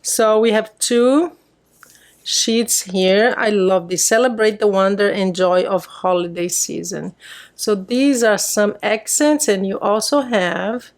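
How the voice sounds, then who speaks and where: A woman speaks in an unhurried, easygoing rhythm as she unboxes craft supplies. She gushes warmly over each item in a casual, chatty way, addressing her viewers directly. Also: medium pitch. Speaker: crafting channel host.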